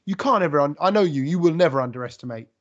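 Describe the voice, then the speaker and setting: Animated man, muffled sound. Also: fairly high pitch, racing. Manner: rambling, animated storytelling with many restarts. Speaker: podcast host. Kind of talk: casual conversational interview.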